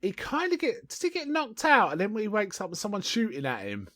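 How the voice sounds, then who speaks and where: A man's voice: sits high, wildly swooping pitch, brisk, a bit bright, no echo. A man co-hosting a podcast, casually recapping a film with lots of ums and acted-out quotes. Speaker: podcast co-host.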